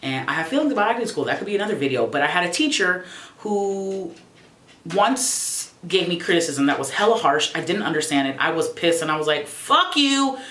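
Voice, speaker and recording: A young adult woman vlogging casually at home, expressive, profane and sassy. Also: lowish voice, fairly quick, roomy sound. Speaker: YouTuber. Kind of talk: casual reflective vlog.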